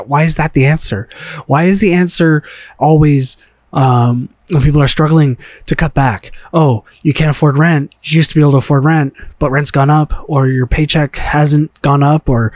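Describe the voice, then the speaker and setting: Frustrated man ranting, sharp questions. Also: on the high side, no room sound. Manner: frustrated, profane, repetitive rhetorical questions. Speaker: podcast host. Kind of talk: solo opinion rant.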